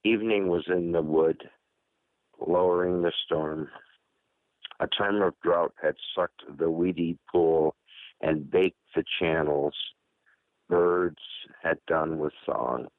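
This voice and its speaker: An older man reading a poem aloud at an open-mic call, slow and dramatic, with hesitant asides. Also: deep voice, fairly even intonation, no room sound. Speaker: poetry reader. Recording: dry phone-line audio.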